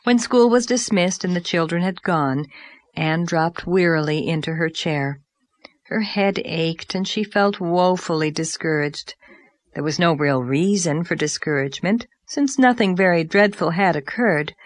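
A woman reading a story aloud as an audiobook narrator, in a measured, gentle storytelling manner. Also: on the low side, no echo. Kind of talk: scripted narration.

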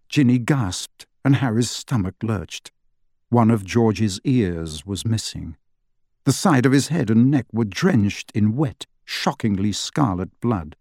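Guy reading a novel aloud, steady, super dry mic. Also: medium pitch, no room sound. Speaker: audiobook narrator. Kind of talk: scripted narration.

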